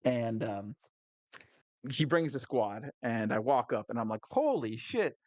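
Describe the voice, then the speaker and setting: A man's voice: mid-range voice, unhurried, no echo. Male game master recapping a session, casual and profane, with a dull, dry sound. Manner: laughing, profane storytelling.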